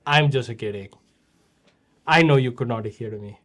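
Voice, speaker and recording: A man's voice: mid-range voice, unhurried, fairly bright tone. A middle-aged man hosting a kids' show, judging their videos with playful teasing and mock-scolding. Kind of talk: casual chat.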